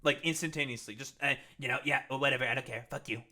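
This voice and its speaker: A man's voice: medium pitch, quick pace, sharp tone. A young man streaming, reacting to news clips with sarcastic, profane interjections. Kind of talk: casual reaction commentary.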